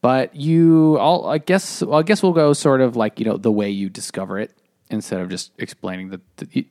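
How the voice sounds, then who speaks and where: A man's voice: mid-range voice, steady tone, brisk, a little mellow. A man co-hosting a podcast in casual chat, recapping a story with fillers. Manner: summarizing the plot with fillers. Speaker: podcast co-host.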